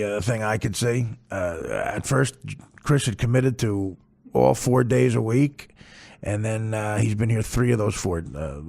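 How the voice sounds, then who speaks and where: A man hosting a podcast, talking in a casual, rambling monologue full of crude, profane jokes and deadpan asides. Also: on the low side, vocal fry. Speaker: podcast host.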